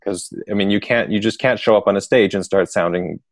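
Male guest author, low gravelly voice, dry close sound, explanatory. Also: steady tone, fairly quick, no echo. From United States. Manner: thoughtful, explanatory, frequent fillers. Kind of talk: casual interview.

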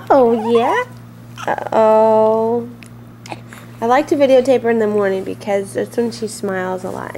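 High slow mom voice, sing-song baby talk, home camcorder video. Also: female voice, dark tone, slight background noise. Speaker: mother. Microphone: handheld camcorder.

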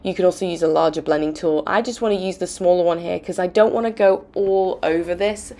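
A woman with a croaky voice from bronchitis, explaining a card-making project step by step in a tutorial voice-over. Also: lowish voice, a little fast, warm tone. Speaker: craft video host.

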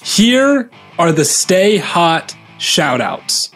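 A man of middle pitch hosts a sports podcast and closes the episode with upbeat patter. Faint music plays underneath. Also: moderate pace. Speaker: podcast host. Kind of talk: show sign-off.

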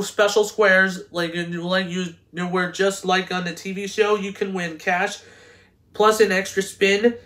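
A man with a fairly high voice reads game rules aloud. He talks haltingly, trips over words and restarts phrases again and again. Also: fairly bright tone. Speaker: host. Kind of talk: reading game instructions aloud.

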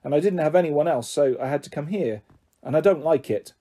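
A man's voice: a little high, brisk, dark tone, natural voice. A man reading aloud and voicing a timid, snivelling orphan boy who mumbles meekly. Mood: mournful. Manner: meek, mumbling. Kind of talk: storybook character reading.

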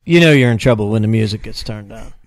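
A man's voice: fairly low pitch, fast. A man in casual podcast chat, reacting with short, profane comments and laughter.

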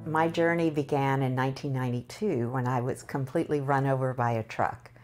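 Really deep voiced woman, slow reflective story in an interview. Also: fairly even intonation, darkish tone, soft background music. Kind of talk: personal account in interview.

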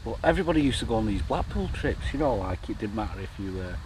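Mancunian middle-aged angler, rambling salty storyteller, outdoor lakeside noise behind him. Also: male voice, on the low side, big pitch swings, fast talker, a little mellow. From Manchester, England. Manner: rambling, swearing, chuckling storyteller. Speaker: angling vlogger. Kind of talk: casual anecdote. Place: outdoors by a lake, boat noise nearby. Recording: noisy outdoor lakeside recording.

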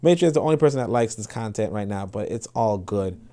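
A man's voice: on the low side, animated, fast, warm tone, a little hiss or hum. A man giving impassioned, profane commentary, reading an article aloud and reacting to it, often repeating himself. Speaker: political commentator.

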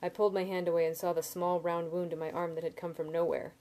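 A woman reading a novel aloud in steady first-person narration, with small slips and restarts. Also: lowish voice, fast talker. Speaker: reader.

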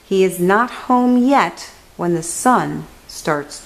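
In poor audio, a woman with a voice on the low side reads a picture book for children, slowly and expressively, lowering to a hush for key words.

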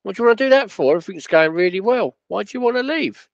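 A man's voice: high-pitched, normal speed, no room sound, muffled recording, voice pushed up, natural voice. Sarcastic older club chairman put on by a man, incredulous tone, stubborn, dry close sound. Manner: incredulous, mocking.

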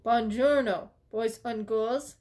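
A woman reading a children's storybook aloud, voicing an eccentric, playful older man who speaks softly and slowly with a few Italian words. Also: fairly high pitch, close to an everyday voice. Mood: timid. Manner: soft, timid, slow speech with put-on Italian words.

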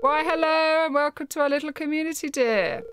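A woman's voice: high-pitched, a little fast, background noise, voice pushed up, lightly acted. A woman putting on a sweet, welcoming old granny with a raised, cooing voice. She sounds kindly and eager.

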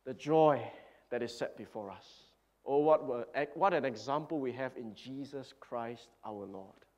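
A man's voice: mid-range voice, a little slow, darkish tone, dull audio. A man preaching a sermon as pastor, speaking earnestly and emphatically, with repeated phrases.

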